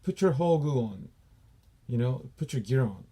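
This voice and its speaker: His voice is medium-pitched, warm, animated and slightly rough, with a Korean accent. As a taekwondo instructor, he teaches dojang terms in Korean, patiently explaining and slowly repeating every term.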